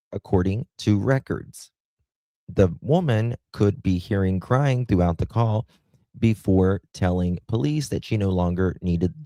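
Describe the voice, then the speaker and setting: A man's voice: fairly low pitch, warm tone, no room sound. A man hosting a true crime show, reading a news article aloud with frequent fillers, restarts and spelled-out words, adding his own comments. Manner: spells out sensitive words letter by letter.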